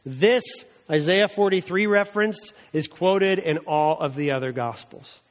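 A man's voice: high-pitched, unhurried, few pauses, in a large hall. A male pastor giving a conversational sermon and acting out the people in the story as he goes. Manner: conversational preaching, voicing characters in asides.

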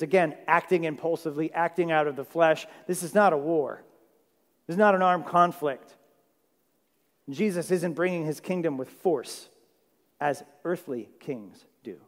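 A male pastor preaching a sermon in a chatty, conversational way, checking in with his listeners. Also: fairly high pitch. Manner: conversational, asks the audience questions. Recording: long hall reverb.

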